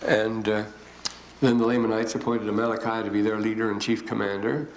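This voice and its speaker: An older man giving a rambling, digressive classroom lecture with frequent pauses. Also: on the low side, level tone, creaky. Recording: echoey room, faint hiss.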